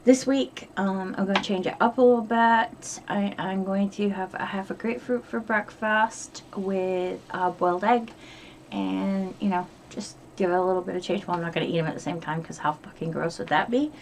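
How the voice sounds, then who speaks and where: A woman's voice: medium pitch, fairly even intonation, moderate pace, slight background noise. A middle-aged woman from upstate New York chatting casually in a diary vlog, rambling and swearing freely. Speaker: vlogger.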